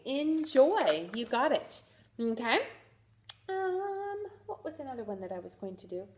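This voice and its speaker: A woman teaches phonics to young children, slowly sounding out each letter of a word. Her fairly high voice swings up and down a lot, and she praises often. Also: a little mellow. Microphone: recorded to camera for a video lesson.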